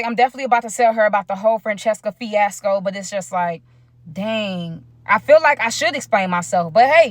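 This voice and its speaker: A woman's voice: medium pitch, no room sound, studio quality. A young woman telling a personal story in a casual, chatty way, talking straight to her viewers. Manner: chatty, addresses viewers directly.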